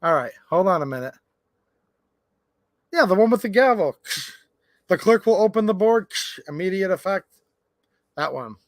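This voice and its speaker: Male livestream host, high voice, dry close sound, animated chatty delivery. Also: moderate pace, long pauses, dry recording. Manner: animated, chatty, reads viewer comments aloud. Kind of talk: casual livestream chat.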